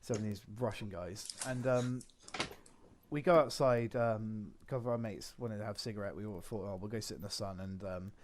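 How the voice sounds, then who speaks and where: A man's voice: fairly low pitch, fairly quick, a little mellow, slight background noise. Young man swearing through a rambling story. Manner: rambling anecdotes, heavy swearing. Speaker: podcast co-host. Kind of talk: casual chat.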